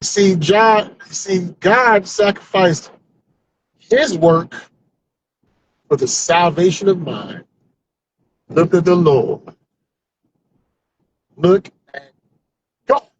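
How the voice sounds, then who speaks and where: In a rough recording with slight background noise, a high-voiced man draws out his words and pauses often. A comedian on his car commute, he tries new stand-up jokes without notes, talking to himself, rambling, and ending many lines with "man." It's loose, stream-of-consciousness practice.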